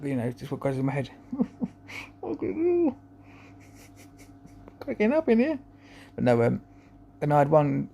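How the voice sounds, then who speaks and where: A man's voice: fairly high pitch, dark tone. Rambling man vlogging. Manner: rambling, full of restarts, chuckling. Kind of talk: casual rambling monologue.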